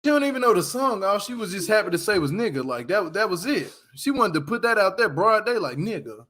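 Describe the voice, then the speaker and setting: A man's voice: high-pitched, big pitch swings, fast talker, a bit bright. A man hosting a casual commentary show, ranting bluntly and with a lot of swearing while speaking straight to his viewers. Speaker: commentary channel host.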